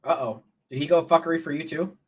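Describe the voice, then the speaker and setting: A man's voice: on the high side, fairly even intonation, fast talker. Man chiming in with profane quips. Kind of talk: casual chat.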